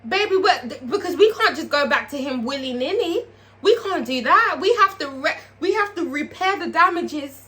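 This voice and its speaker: A woman chats through a TV episode recap in a loose, profane, animated way, addressing her viewers directly. Her voice is bright and crisp. It sits a little higher than most women's voices. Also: moderate pace. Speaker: TV review vlogger.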